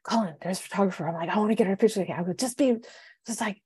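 A woman in her fifties, co-hosting a podcast as a life coach, telling stories with lively quoted voices. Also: medium pitch, rapid-fire, husky, no room sound. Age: 50s. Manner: animated storyteller, acts out quoted voices. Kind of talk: casual chat. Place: home, city.

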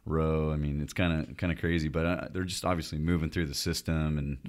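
A man's voice: a bass voice, level tone, a little fast. A man co-hosting a podcast, chatting in an easygoing, joking way. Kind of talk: casual podcast chat.

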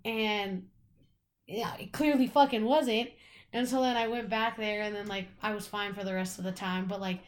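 A woman's voice: medium pitch, fairly even intonation, normal speed, slight background noise. A young woman, co-hosting a podcast, chatting casually and telling a rambling story full of "like" and swearing. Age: young adult. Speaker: podcast co-host. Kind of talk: casual chat.

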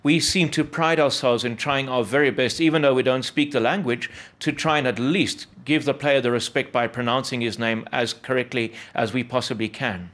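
A man's voice: mid-range voice, fairly even intonation, normal speed, few pauses, fairly bright tone. Hesitant male interviewer. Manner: hesitant, repeating words, friendly. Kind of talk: interview conversation.

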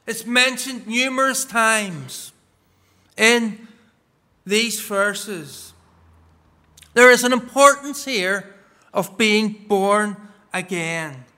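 A male preacher giving a sermon in a measured, emphatic way, reading scripture aloud and stressing key words. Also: sits high, animated, sharp tone. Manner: reads scripture passages aloud.

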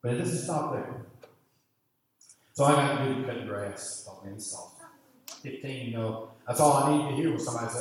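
A man preaching a sermon, telling a story from his youth and acting out his own grumbling thoughts with sudden jumps and quiet mutters. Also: mid-range voice, animated, measured pace, long pauses. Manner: drops to a muttering hush for inner grumbling. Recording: echoey hall, voice from far off, faint ambience.

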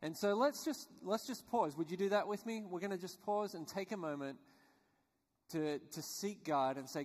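A man's voice: sits high, normal speed. A man preaching a sermon to a church, earnest and conversational, with small restarts. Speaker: guest preacher. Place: church sanctuary. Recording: long hall reverb.

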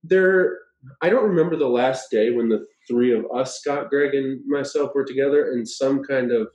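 A man's voice: medium pitch, normal speed, darkish tone, muffled recording. A man co-hosting a podcast, bantering and laughing through his words. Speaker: podcast co-host. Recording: roomy echo.

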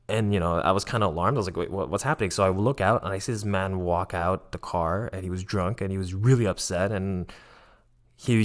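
A young man casually telling a story about his missionary days, rambling with many fillers and acting out what others said. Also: on the low side. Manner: rambling, filler-heavy, animated quoting of others.

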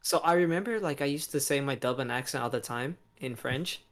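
A man's voice: mid-range voice, a little fast. A young man co-hosting a podcast, joking and teasing in casual chat. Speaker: podcast co-host.

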